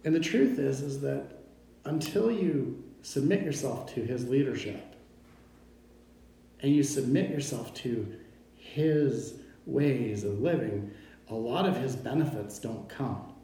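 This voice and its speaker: A man preaching a sermon, slow and emphatic, stressing each pronoun as he reads scripture. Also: medium pitch, expressive, mellow. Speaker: pastor. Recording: very echoey room.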